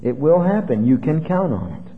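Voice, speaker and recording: A man preaching a sermon, swinging between loud exhortation and soft hushed asides, quoting scripture in old-style wording. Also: a little high, sing-song, moderate pace. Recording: tinny phone-like sound with long hall reverb and faint hiss.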